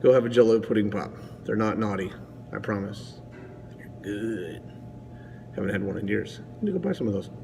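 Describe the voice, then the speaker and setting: A man's voice: lowish voice, lively intonation, fairly quick, gravelly, long pauses, dark tone, in a large hall, a little hiss or hum. A man rambling casually to camera as a vlogger, digressive and self-mocking.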